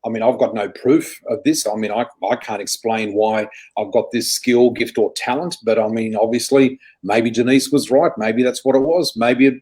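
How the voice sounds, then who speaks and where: A man's voice: mid-range voice, fairly even intonation, normal speed, few pauses, darkish tone, husky, rough recording. Chatty Australian man telling stories. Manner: chatty, self-correcting, acts out quotes. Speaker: guest psychic. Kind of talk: anecdotal interview storytelling.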